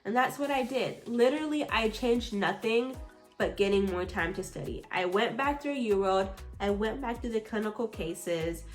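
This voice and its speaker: A woman's voice: a little high, animated, soft background music. A young adult woman, a medical resident, talking candidly and with feeling about a personal setback in a vlog. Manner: candid and emotional, frequent likes and pauses.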